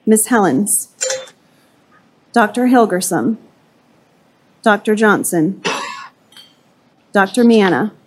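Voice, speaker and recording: A woman clerk calling the roll at a board meeting, reading names and titles briskly and evenly. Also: mid-range voice, expressive, a little hiss or hum. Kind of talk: formal roll call.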